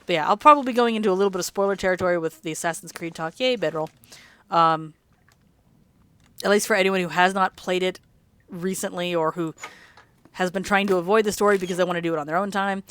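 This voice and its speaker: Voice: medium pitch, quick pace, a bit bright, clear, resonant tone, no room sound. A let's play host rambling in casual gameplay commentary, chatty and laughing often, sleepy and yawning late at night.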